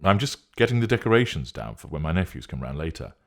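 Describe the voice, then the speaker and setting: A man's voice: low voice, big pitch swings, fast. A man reading a story, voicing a worried, protective man asking earnest questions on the phone. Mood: concerned.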